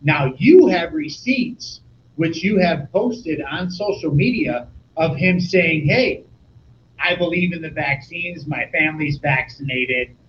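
A man's voice: a little high, expressive, takes it slowly. A man interviewing a guest in a casual, conversational way, often restarting his words with a stammer. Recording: muffled audio with faint background noise.

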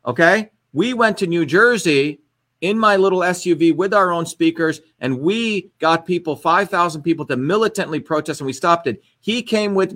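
A man holds forth on his own livestream in a combative, emphatic rant. His voice is bright and sits fairly high, and he circles back to repeat his points again and again. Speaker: host of an online livestream. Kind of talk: ranting political commentary.

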